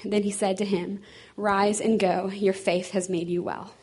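A woman's voice: medium pitch, flat delivery, a little slow, darkish tone, husky. Breathless woman reading scripture. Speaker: scripture reader.

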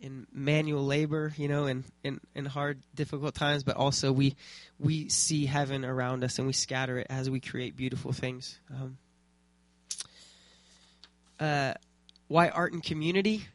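A man giving an informal faith talk to a small group of artists, relaxed and rambling, with many fillers and restarts. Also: mid-range voice, moderate pace, dry recording.

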